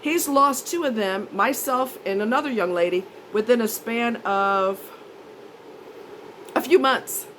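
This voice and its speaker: A woman's voice: a little high, measured pace, a bit bright, a little hiss or hum, poor audio. A woman telling a story as a vlogger, ranting in an indignant, sarcastic and emphatic way. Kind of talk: storytime rant.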